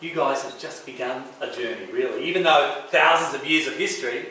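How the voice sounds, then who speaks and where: A man giving a public talk in an earnest, somewhat halting way, as a guest speaker. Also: mid-range voice, bright, forceful tone, a little hiss or hum. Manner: earnest, halting lecture delivery. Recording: echoey hall, distant mic.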